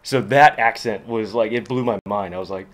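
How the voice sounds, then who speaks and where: Low-voiced man chatting while sketching. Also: normal speed. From Southern California. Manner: relaxed, rambling, laughs often. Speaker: guest artist. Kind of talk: casual chat while sketching.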